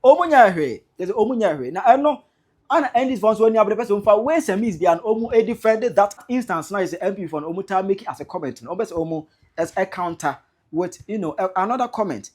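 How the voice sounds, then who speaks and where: A man's voice: high voice, expressive, fast, darkish tone. A man from Ghana, host of a blog channel, giving indignant commentary on a political clip and mixing Twi and English. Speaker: news commentator.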